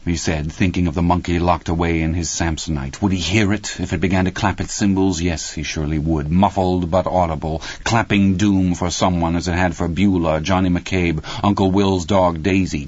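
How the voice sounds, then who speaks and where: A man narrating a story in a steady, measured audiobook reading. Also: deep voice, no echo, highs cut off.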